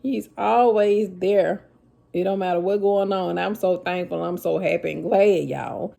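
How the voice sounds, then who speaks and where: A woman telling her own story to viewers in a casual, animated vlog. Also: lowish voice, a little slow, vocal fry. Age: adult with children. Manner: animated, addresses viewers as y'all, Southern US vernacular.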